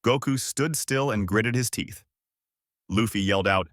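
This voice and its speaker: A man's voice: on the low side, measured pace, no echo. A man narrating a fan-made story for his channel in a casual storytelling voice, close to the mic. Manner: lively storytelling.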